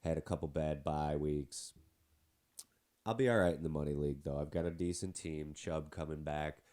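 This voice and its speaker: A man with a heavy cold talks sports on his own show, his voice stuffed-up and nasal. It sits very low and mellow as he rambles on with side remarks about his teams. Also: normal speed. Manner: chatty, rambling with asides. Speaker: podcast host. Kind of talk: casual sports podcast talk.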